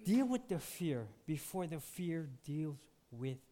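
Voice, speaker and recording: A pastor delivers a sermon as a personal story, his voice sitting a little high for a man. He talks casually, then drops to near-whispers and builds to emphatic peaks. He is still sore after surgery. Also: big pitch swings, takes it slowly. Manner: conversational storytelling, swings from hushed to emphatic.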